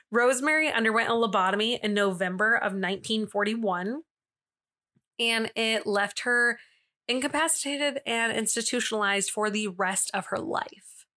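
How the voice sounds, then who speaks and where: Her voice sits on the high side, bright and forceful. She's a young woman running a laid-back storytelling podcast, talking chattily with lots of fillers, frequent asides, and laughs.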